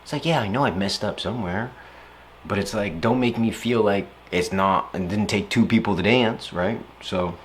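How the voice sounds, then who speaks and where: Playful young man with a lowish voice. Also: normal speed, a little hiss or hum. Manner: playful and animated, jumps into silly voices and acted-out quotes. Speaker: speaker reflecting on stress. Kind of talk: casual reflective monologue.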